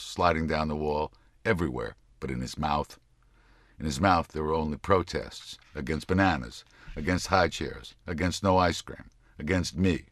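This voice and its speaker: A man with an extremely deep, low voice narrates a memoir audiobook. His reading is slow, measured and somber, recorded close and bone-dry with no room sound. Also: fairly bright tone, no room sound.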